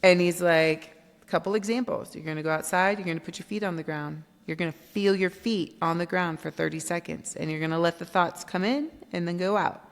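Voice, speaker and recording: A woman guest on a podcast, telling her story in an animated way and acting out quoted dialogue. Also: on the low side, a little fast. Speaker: guest, company founder. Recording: long reverb.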